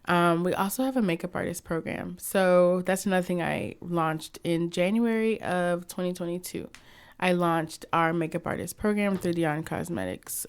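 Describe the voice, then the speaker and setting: A young woman from the United States speaks as a guest in a relaxed interview, her voice clear and smooth and sitting a little low. She tells stories with energy and quick asides, and often slips into quoting what other people said. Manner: chatty, animated storytelling with acted quotes. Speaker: guest, cosmetics company founder. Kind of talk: casual interview chat.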